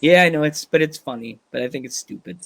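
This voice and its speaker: A man's voice: fairly high pitch, fast talker, creaky. A man hosting a podcast, chatting casually and rambling with jokes and laughter. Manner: rambling, joking, laughs often, animated voices in quotes. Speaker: podcast host. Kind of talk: casual interview chat.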